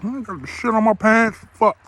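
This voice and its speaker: A man's voice: high-pitched, normal speed, fairly bright tone. A man doing a casual food review vlog, swearing bluntly and crudely, sometimes talking while chewing.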